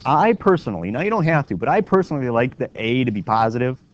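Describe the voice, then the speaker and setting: A man's voice: mid-range voice, very animated, quick pace. Male math teacher lecturing a class. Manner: walks students through steps with frequent questioning "right?". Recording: dull lo-fi classroom recording with faint noise.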